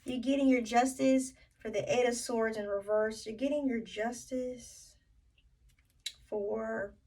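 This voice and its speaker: A woman's voice: a little high, fairly even intonation, takes it slowly, darkish tone, far from the mic, poor audio. A woman giving a tarot reading to her viewers, thinking aloud with many fillers and restarts. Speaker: tarot reader.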